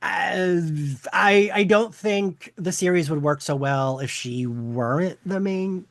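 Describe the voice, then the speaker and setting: A man's voice: high voice, slow, gravelly, no room sound. A man who is a teacher, speaking as a podcast guest in casual chat, hesitant and full of "um" and "like". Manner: hesitant, many "um" and "like".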